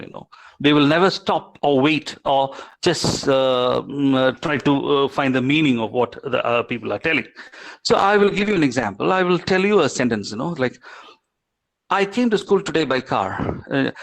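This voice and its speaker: A man giving an online lecture, halting, with many fillers and restarts. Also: mid-range voice, low-quality recording.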